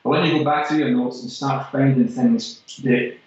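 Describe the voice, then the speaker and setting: A man's voice: medium pitch, steady tone, normal speed, a little mellow. A Scottish man and regular segment host giving an emphatic motivational monologue about fitness business, repeating key phrases for punch. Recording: very echoey, distant, dull-sounding room.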